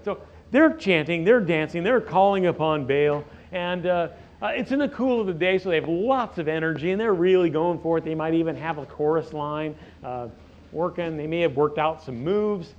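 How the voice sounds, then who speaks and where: Middle-aged male preacher, folksy and animated, fairly high voice, muffled lo-fi recording. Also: normal speed. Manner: folksy, animated retelling with asides. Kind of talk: storytelling sermon. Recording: dull lo-fi recording.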